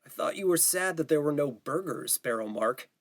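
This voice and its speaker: A man's voice: a little high, animated, normal speed. Male narrator doing a blunt teen boy camper, scoffing and direct. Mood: teasing.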